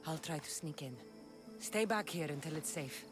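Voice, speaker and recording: An actress playing a wry, steady mercenary heroine, calm and matter-of-fact. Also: female voice, low-pitched, moderate pace, natural voice. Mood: dry. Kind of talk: game cutscene acting. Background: game score music.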